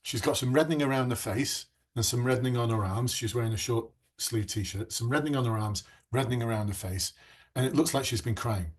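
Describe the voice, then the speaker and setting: A man's voice: medium pitch, a little fast. A middle-aged man coaching would-be police officers in a live online masterclass, chatting and reacting to viewers' comments.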